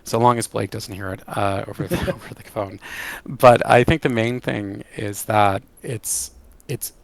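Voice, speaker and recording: A man who works as a game creative director, answering interview questions in an enthusiastic, animated way. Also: fairly low pitch, a little slow, gravelly, dry recording.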